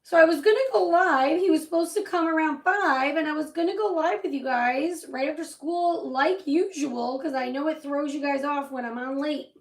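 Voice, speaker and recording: A woman's voice: high voice, normal speed, hardly any pauses, far from the mic. A woman hosting a casual crafting livestream, telling a rambling story with lots of asides while she paints. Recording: roomy echo, voice set back from the mic.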